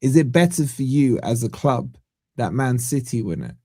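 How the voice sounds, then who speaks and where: A man's voice: mid-range voice, sing-song, normal speed, darkish tone, slightly rough, no room sound, clean studio sound. A young man co-hosting a football stream, needling and provoking with lots of swearing. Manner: teasing, provocative, swears a lot. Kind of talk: heated football debate on a stream.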